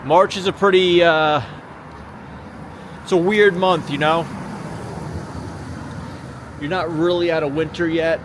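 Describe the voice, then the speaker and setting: A man's voice: fairly high pitch, steady tone, slow pace, pauses often, a bit bright. A man hosting a casual walking livestream at night outdoors, rambling and chatting with viewers as he walks. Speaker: livestream host. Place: city streets at night, outdoors. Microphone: small handheld gimbal camera. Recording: street noise from passing traffic. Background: traffic and street ambience.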